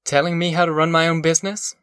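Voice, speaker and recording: A pushy, cocky labor contractor, voiced by a man reading aloud, snapping back brusquely and defensively. The voice sits somewhat high and sounds dry and close. It is a storybook figure. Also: little pitch movement, fast, a bit bright, clear, resonant tone, no echo, close to an everyday voice. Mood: indignant.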